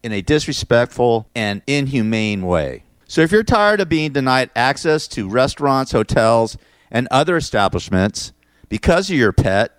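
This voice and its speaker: A man's voice: medium pitch, animated, normal speed, smooth, no echo, studio quality. A middle-aged man hosting a radio show, ranting sarcastically and rambling between laughs.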